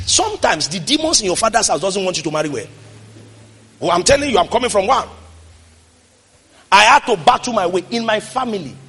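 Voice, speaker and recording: A man with a Nigerian accent preaching a fiery sermon as pastor, swinging from quiet talk to shouted declarations. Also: high-pitched, slightly rough, in a large hall.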